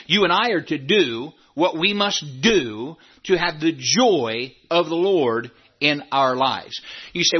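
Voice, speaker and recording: A man preaching a sermon in a church, animated, repeating phrases and asking rhetorical questions. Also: a little high, slow pace, breathy edge, lo-fi sound. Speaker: pastor. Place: church sanctuary.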